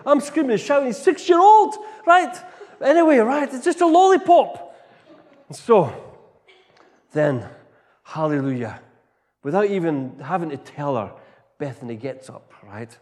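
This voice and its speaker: Male preacher, middle-aged, light high voice, lively anecdotal sermon, long hall reverb. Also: moderate pace. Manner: animated storytelling, keeps tagging "right?". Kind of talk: storytelling sermon.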